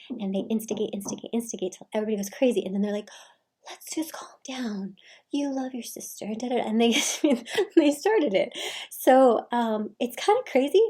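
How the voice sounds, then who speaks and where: A woman giving casual advice in a soft, often half-whispered delivery. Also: medium pitch. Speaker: advice vlogger.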